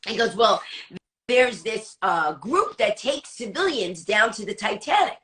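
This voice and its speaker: A woman stand-up comic telling an anecdote as a guest, fast-talking and acting out the dialogue she quotes. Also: medium pitch, animated, fairly bright tone.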